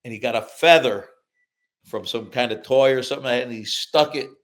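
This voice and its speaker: An older man from upstate New York, an author telling lively childhood anecdotes in a podcast interview. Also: medium pitch, moderate pace. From upstate New York, USA. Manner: lively anecdotes, acts out quoted voices, laughs through punchlines. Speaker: author and guest.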